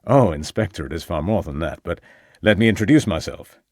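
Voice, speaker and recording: Narrator voicing an American gentleman scholar, effusive, confident, lively pitch, audiobook. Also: brisk, no room sound, studio quality. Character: outgoing American male antiquary, vigorous and hospitable.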